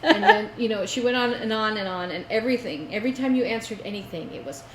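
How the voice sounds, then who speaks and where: A woman co-hosting a casual craft chat show, telling an animated story. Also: medium pitch, quick pace. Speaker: co-host. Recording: echoey room with faint noise.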